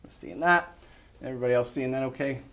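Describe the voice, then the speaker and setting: A man hosting a live shopping show, chatting on and piling up descriptive words as he pitches. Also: fast talker, a bit bright, recorded from a distance. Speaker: shopping channel host. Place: shopping channel studio. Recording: roomy sound, voice off-mic.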